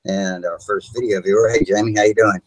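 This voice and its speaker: A man hosting a live video hangout from home, talking in a relaxed, rambling way with plenty of filler words over a video call. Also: on the low side, a little fast, poor audio. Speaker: host of a model airplane video hangout. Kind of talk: casual live chat.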